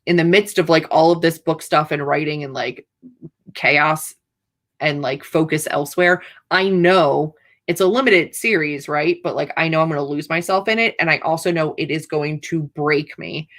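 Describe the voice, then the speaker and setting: A woman's voice: low-pitched, normal speed, a bit bright. A woman author hosting a livestream, chatting casually in a rambling, playfully dramatic way. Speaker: author hosting writing sprints.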